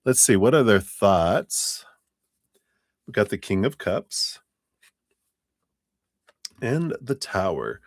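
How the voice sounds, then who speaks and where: A man's voice: lowish voice, big pitch swings, slow, pauses often, dry recording. A man giving live tarot readings in a chatty, rambling way, often laughing between thoughts. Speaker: tarot reader.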